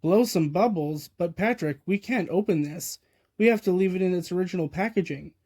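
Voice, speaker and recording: A man reading aloud puts on a high-strung, excitable cartoon sea sponge, a fussy young male hero from a storybook. His voice sits raised and mellow, eager and quick to worry. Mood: excited.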